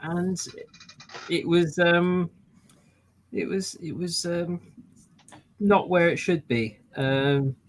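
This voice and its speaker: A man's voice: a little high, extremely slow, long pauses, poor audio. A man on a casual podcast, telling a story with lots of fillers and restarts. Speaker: podcast co-host. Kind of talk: casual chat.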